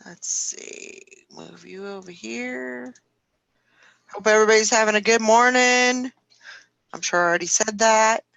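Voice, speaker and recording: Slow-talking chatty woman host. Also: fairly high pitch, gravelly, a bit bright, no echo, poor audio. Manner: chatty, laughs often. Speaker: show host. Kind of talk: casual chat.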